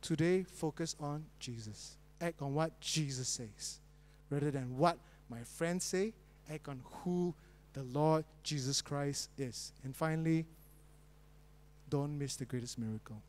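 A male pastor preaching a sermon with pauses and rising emphasis. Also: a little high, a little mellow. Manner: reads a spoonerism fairy tale as a joke, then preaches with pauses and rising emphasis.

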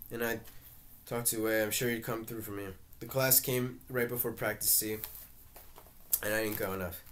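Man reading a play aloud, low voice. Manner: halting, with restarts and stage directions read aloud. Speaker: reader. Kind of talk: amateur reading of a play, all parts.

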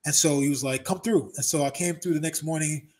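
A man in his thirties, a former pro wrestler, telling profane, lively stories as an interview guest. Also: fairly high pitch, fast talker. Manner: animated storyteller, profane, acts out quotes. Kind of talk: casual storytelling interview.

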